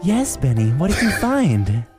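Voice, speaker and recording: A cautious, witchy old lady ladybug, as a man puts her on, her voice pitched well above his own and swooping widely. She frets and warns in a quavering storybook voice. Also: wildly swooping pitch, unhurried, over music. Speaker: podcast host reading a children's story.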